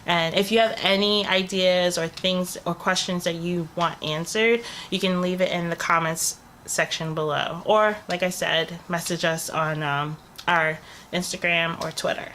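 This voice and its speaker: A woman's voice: lowish voice, steady tone, unhurried, fairly bright tone. A young woman vlogging about travel, getting over a cold, chatting and rambling with lots of fillers. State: recovering from a cold, coughing. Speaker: travel vlogger, channel co-host. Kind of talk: casual storytelling to camera. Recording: faint background noise.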